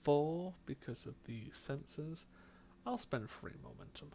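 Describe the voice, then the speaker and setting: A relaxed man talks through his turn in an online tabletop game, often laughing. His voice sits a little high for a man. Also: a little slow, creaky, slight background noise. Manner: easygoing, laughs while talking. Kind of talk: casual game chat.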